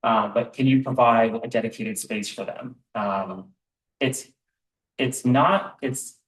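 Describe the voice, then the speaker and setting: A man presenting a business training to a live room, conversational, with many ums and questions to the audience. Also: medium pitch. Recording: roomy, voice from far off the mic.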